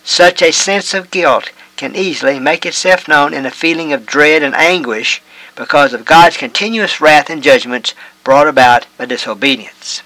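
A man giving a measured Bible teaching, reading scripture passages aloud in old-fashioned wording. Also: a little high, sharp tone, no echo, rough recording. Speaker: preacher.

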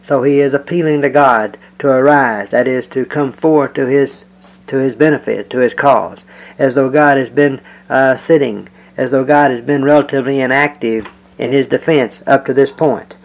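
A man preaching through a psalm verse by verse, speaking in a measured way with frequent pauses. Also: medium pitch, fairly even intonation, rough recording. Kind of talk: verse-by-verse Bible teaching.

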